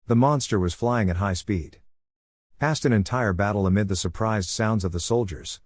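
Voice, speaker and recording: A male narrator recounting a comic story in a steady, even manner. His voice sits on the low side. The recording is close and dry with no room sound. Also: normal speed, dry recording. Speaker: recap narrator.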